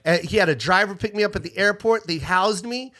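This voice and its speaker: A middle-aged man, a comedian guest, telling a story in a lively, profane way and acting out other people's lines. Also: high voice, a little fast. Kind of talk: casual storytelling.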